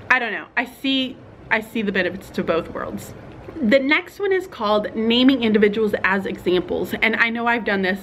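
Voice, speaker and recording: A young woman teacher, chatting casually to other teachers in a vlog and thinking out loud with fillers and small laughs. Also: mid-range voice, a little hiss or hum.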